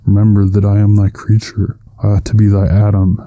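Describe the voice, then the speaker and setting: A man's voice: on the low side, completely flat delivery, fairly quick, dark tone, no room sound, lightly acted. A man voicing a huge, anguished male creature who speaks in solemn, archaic formal language. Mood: pleading.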